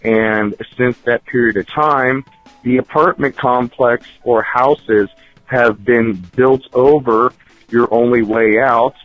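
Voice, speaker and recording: A man's voice: mid-range voice, steady tone, slow pace, no echo, phone-quality sound, soft background music. A man caller leaving a rambling voicemail, hesitating often. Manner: hesitant, many "um"s.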